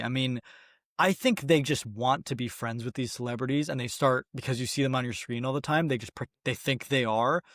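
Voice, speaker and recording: A man's voice: medium pitch, dry recording, studio quality. A man co-hosting a casual film podcast, telling stories in a loose, laid-back way with lots of "like". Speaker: podcast co-host.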